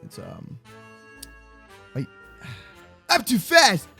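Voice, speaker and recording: A man's voice: very high-pitched, huge pitch swings, drawn-out words, gravelly, bright, forceful tone, slightly rough, soft background music, exaggerated voice. A man voicing a cocky, always hungry baby moose boy in a Minecraft roleplay, talking in broken, clipped grammar and repeating words in bursts. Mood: frantic.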